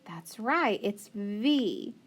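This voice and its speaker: A woman's voice: mid-range voice, expressive, very slow, husky. A woman teacher leading a phonics lesson for young children, patient and encouraging, asking questions and praising answers.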